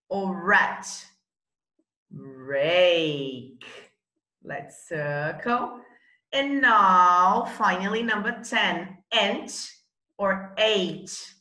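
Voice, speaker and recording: Slow, bright-voiced woman teaching. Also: fairly low pitch, echoey room, poor audio. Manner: slow, encouraging drilling of words. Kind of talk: bilingual classroom lesson.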